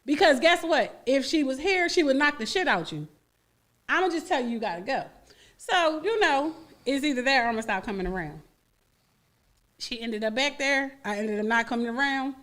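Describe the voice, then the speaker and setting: A woman co-hosting a radio talk show, telling stories in a blunt, profane, animated way. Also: sits high, normal speed. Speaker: radio co-host. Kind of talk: casual chat.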